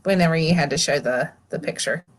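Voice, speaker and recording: A woman's voice: deep voice, brisk. A woman co-hosting a casual livestream and giving brief, laid-back replies. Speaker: livestream co-host, chat moderator.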